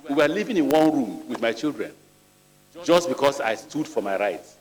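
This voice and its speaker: A middle-aged man with a Nigerian accent answers questions at a senate screening, speaking in a plain, earnest manner with the odd anecdote. His voice sits at an ordinary middle pitch. The long echo of a large legislative hall hangs behind every phrase. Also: lively intonation, moderate pace, darkish tone. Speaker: ministerial nominee. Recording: reverberant hall.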